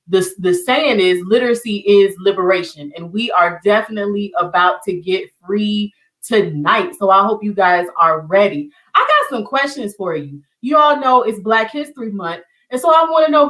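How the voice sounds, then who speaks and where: A woman's voice: medium pitch, far from the mic, poor audio. Encouraging Southern woman hosting online. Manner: warm, encouraging, addresses viewers as y'all. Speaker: online community show host. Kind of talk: casual livestream teaching.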